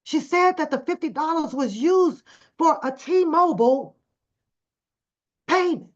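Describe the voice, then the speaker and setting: A middle-aged woman vlogging, telling a story casually to her viewers, animated and swearing freely. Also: sits high, measured pace. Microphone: phone camera. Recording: dull lo-fi recording.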